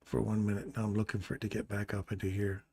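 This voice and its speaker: A man quietly thinking aloud while commentating his live trades as a streamer, talking into a desk mic. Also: on the low side, flat delivery, quick pace, vocal fry, husky. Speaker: trading streamer.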